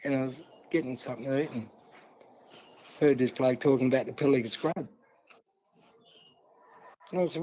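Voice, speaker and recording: An older man from New South Wales with an Australian accent, telling a long story in a relaxed interview and acting out the dialogue. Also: mid-range voice, moderate pace, long pauses, a little hiss or hum. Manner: yarning, acts out dialogue, many "see?" and "mate". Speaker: guest elder. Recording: dull lo-fi sound.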